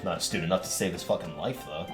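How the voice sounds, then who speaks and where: A man streaming a game, making casual, profane and excitable comments with plenty of laughter. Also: deep voice, fast talker, soft background music. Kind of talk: casual let's-play banter.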